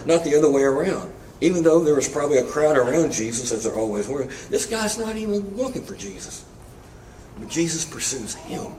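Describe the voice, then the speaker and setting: A man's voice: medium pitch, darkish tone, a little hiss or hum. A man preaching a sermon in a conversational way, with casual asides and humor, in a church sanctuary. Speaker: pastor. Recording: echoey room, mic at a distance.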